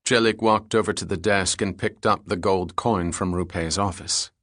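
A man narrating a thriller audiobook in a steady, even reading. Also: low-pitched, normal speed, hardly any pauses, dry recording, studio quality.

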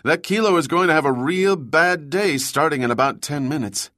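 Narrator, male, doing a keyed-up young weapons officer, higher than the narrator's own voice, eager and quick with jargon, dry close sound. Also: fairly bright tone, no echo, lightly acted. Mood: focused. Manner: eager, rapid technical talk.

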